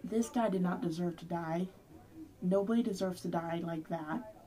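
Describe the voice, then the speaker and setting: A woman's voice: fairly low pitch, moderate pace, dark tone. Angry young woman ranting, off-mic. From Hispanic background. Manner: angry, heated, swearing. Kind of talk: angry vlog rant. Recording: voice somewhat far from mic.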